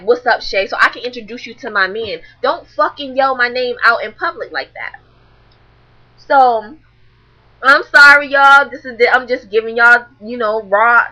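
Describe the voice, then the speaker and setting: A young woman vlogging, telling a story to camera in a blunt, animated, profane way. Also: a little high, low-quality recording.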